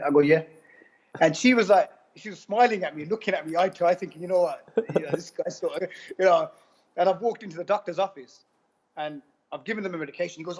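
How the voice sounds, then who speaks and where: A man giving an animated testimonial, retelling conversations in a rapid, repetitive way. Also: sits high. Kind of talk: animated personal storytelling. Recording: dull lo-fi recording.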